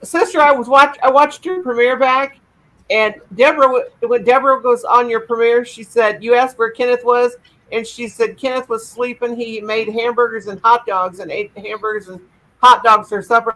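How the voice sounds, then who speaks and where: A woman's voice: a little high, fairly even intonation, normal speed, fairly bright tone. A woman chatting on a video call, playful and teasing, laughing often. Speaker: regular on a video call chat. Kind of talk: casual chat.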